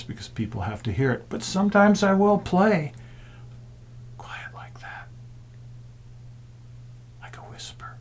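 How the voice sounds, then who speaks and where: A man of middle pitch with a gravelly, husky voice. He talks calmly about his gong playing and often sinks into a hushed whisper to draw the listener in. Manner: reflective, drops often into a soft whisper to show quiet sound. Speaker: gong player and sound healer. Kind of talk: casual talk to camera.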